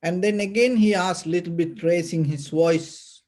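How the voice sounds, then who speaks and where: A man gives a Buddhist sermon in a very slow, unhurried delivery. His speech is halting, with fillers and restarts. His voice sits fairly high for a man but sounds dark and mellow. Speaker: Buddhist teacher.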